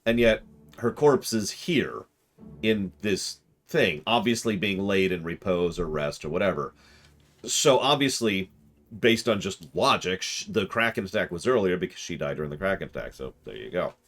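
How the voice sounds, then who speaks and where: A man's voice: low-pitched, expressive, normal speed, fairly bright tone. A man streaming a game and chatting with his viewers, rambling as he works through puzzles aloud. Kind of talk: casual livestream commentary.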